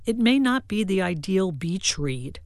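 A woman book critic reading a scripted review in a measured, literary way. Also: medium pitch, big pitch swings, no room sound, clean studio sound. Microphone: studio mic.

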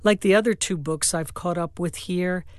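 A woman book critic reading a scripted review in a measured, literary way. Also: fairly low pitch, no room sound, studio quality. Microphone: studio mic.

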